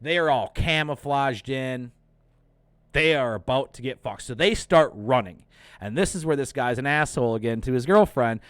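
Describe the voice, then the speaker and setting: A young man hosting a casual movie review, retelling the plot excitedly, cursing and acting out lines. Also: medium pitch, normal speed, dry recording. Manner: excited, profane retelling with acted-out quotes. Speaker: host.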